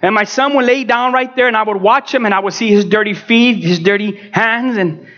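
Man, pastor, high-pitched, dramatic sermon delivery, loud-to-hushed swings, dull recording. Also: fairly quick. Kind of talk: personal testimony sermon.

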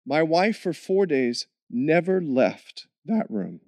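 A man, a missionary, tells his story in an animated way with frequent laughs, then slows into an earnest prayer. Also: a little high, no room sound, clean studio sound. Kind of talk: testimony story ending in prayer.

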